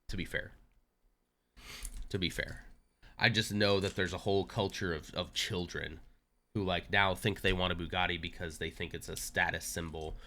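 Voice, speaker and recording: A young man talking casually on his live stream, chatty and quick to poke fun at himself. His voice sits fairly low but sounds bright and forward. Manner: chatty, joking, self-deprecating. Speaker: livestreamer.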